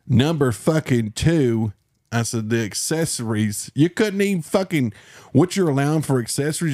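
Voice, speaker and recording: A man's voice: mid-range voice, darkish tone, no room sound. A man with a Texan accent telling a story on a podcast, heated and profane, mocking the people he dealt with. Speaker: podcast host. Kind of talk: casual storytelling rant.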